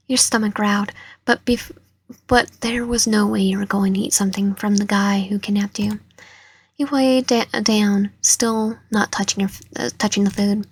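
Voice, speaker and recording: A woman's voice: medium pitch, steady tone, normal speed, husky. A young woman reading a dating sim aloud, often stumbling over words and correcting herself. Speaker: gaming channel host.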